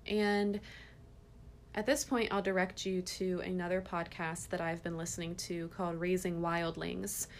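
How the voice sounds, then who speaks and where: A woman in her thirties talks casually on her parenting podcast, with a slightly low voice. She tells stories in an earnest, gentle way, and a faint noise sits under her speech. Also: flat delivery, a little slow.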